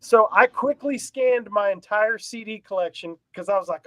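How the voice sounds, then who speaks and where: A man's voice: high voice, normal speed, hardly any pauses, pushed and bright, dry recording, rough recording. A man co-hosting a casual podcast chat, rambling and self-deprecating, laughing often. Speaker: podcast co-host.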